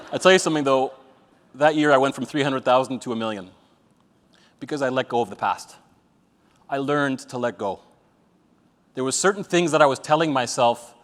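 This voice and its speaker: A man giving a live motivational talk to an audience, blunt and profane, telling jokey stories. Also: medium pitch. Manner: blunt, profane, joking storyteller. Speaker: motivational speaker. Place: event venue with an audience. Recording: reverberant event hall.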